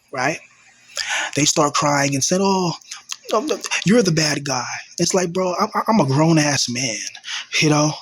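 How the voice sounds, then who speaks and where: A man's voice: mid-range voice, a bit bright, slight background noise. A young man hosting his own channel, venting in a raw, confrontational monologue and repeating himself for emphasis. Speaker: channel host.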